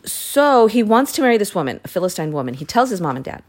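A woman's voice: mid-range voice, sing-song, fast talker, a little mellow. A woman casually retelling Bible stories in a chatty way, with self-corrections and side remarks. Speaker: Bible reading podcaster.

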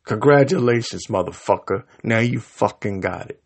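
Podcast host, male, husky voice, furious cursing rant, lively pitch. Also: a little slow. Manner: angry, profane and heated, talking over himself. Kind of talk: ranting solo podcast.

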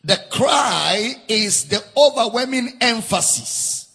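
Emphatic preaching man with a bright, husky voice. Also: extremely high pitch, animated, slow. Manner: emphatic preaching, repeats key phrases, spells out words for note-takers. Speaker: pastor. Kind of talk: sermon. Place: church camp meeting.

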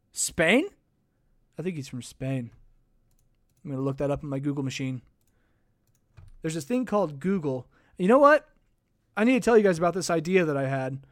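High-voiced chatty sports podcast host. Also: male voice, dry recording, clean studio sound. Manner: rambling, chatty, thanks viewers. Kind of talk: casual sports podcast livestream. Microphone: desk microphone.

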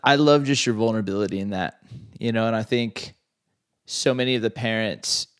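A man's voice: on the low side, fairly quick, a bit bright, clear, resonant tone. A man hosting a podcast, speaking reflectively in casual conversation, searching for words with many fillers. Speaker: podcast host.

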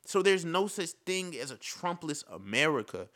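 A man's voice: fairly high pitch, very animated, moderate pace, fairly bright tone. A man giving an impassioned casual monologue, repeating his points and calling the listener "bro". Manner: impassioned, repetitive, says "bro".

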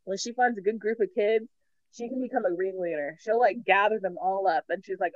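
A woman co-hosting a casual chat podcast, telling animated stories about her kids, laughing often and acting out their voices. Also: medium pitch, brisk, no room sound, lo-fi sound. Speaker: podcast co-host.

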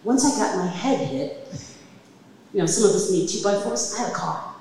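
A middle-aged woman telling a personal story on a comedy club stage, emphatic and impassioned, building to loud peaks. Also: mid-range voice, moderate pace, a crowd in the background. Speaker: storyteller at a live event. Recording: distant mic, echoey hall reverb, faint noise.

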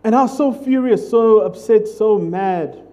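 A man's voice: sits high, measured pace, warm tone, lo-fi sound. A man preaching a sermon as pastor, in a conversational, jokey way, often putting questions to the congregation.

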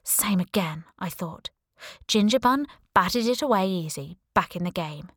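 A woman's voice: mid-range voice, expressive, unhurried, fairly bright tone, dry recording, clean studio sound. A woman reading a first-person story aloud as an audiobook narrator, with a wry, sarcastic delivery.

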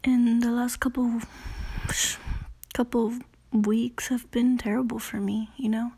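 Young woman, late teens, podcast host, breathy husky voice, dark mellow tone, rambling, self-conscious, swearing, casual solo talk. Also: fairly high pitch, little pitch movement, a little slow. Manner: frequent "you know" and "I don't know".

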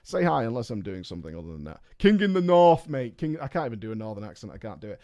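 A man with a northern English accent, a streamer chatting excitedly with his viewers as he comments on stories they send in. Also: on the low side, very fast. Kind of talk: live-stream chat and commentary.

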